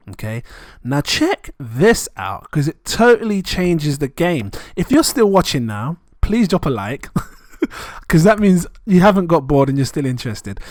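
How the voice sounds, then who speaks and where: A man, rambling excitedly and chuckling often as he talks through numbers in a casual vlog. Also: medium pitch, no echo, studio quality. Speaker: crypto vlogger.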